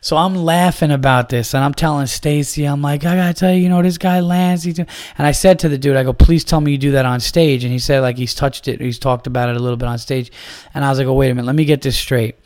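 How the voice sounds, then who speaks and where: A man hosting his own podcast, telling a story in a casual, animated way, swearing often and breaking into laughter. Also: a little high, fast talker. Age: adult, began comedy around 2003. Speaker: podcast host.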